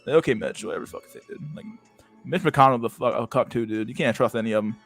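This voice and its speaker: A male livestream host who rambles and swears his way through casual chat, dropping internet slang as he goes. His voice sits at a middling pitch. Faint music plays underneath. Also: fast, a bit bright. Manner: rambling, crude, slang-heavy.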